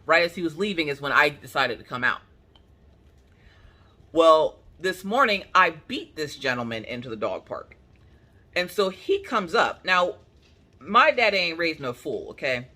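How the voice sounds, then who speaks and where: Bright-voiced woman telling a story. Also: sits low, measured pace. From Pennsylvania. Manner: animated, colloquial, acts out quotes. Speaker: crafting channel host. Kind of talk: casual storytelling chat.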